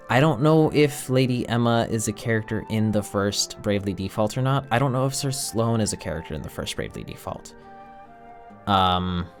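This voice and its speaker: A man casually commenting on his game as he plays, goofy and self-mocking. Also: medium pitch. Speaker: streamer playing a game. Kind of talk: casual let's-play commentary.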